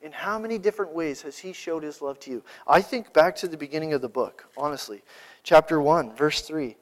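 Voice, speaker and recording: Man preaching a sermon, fairly high voice. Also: lively intonation, fairly quick. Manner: preaching with rising emphatic peaks and rhetorical questions. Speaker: pastor.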